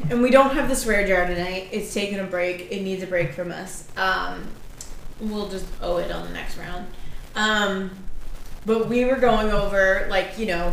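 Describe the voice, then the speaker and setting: A woman's voice: mid-range voice, fairly bright tone. Brash, foul-mouthed woman podcast co-host. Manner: brash, swears freely, teasing. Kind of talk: casual chat over wine. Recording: roomy echo with faint noise.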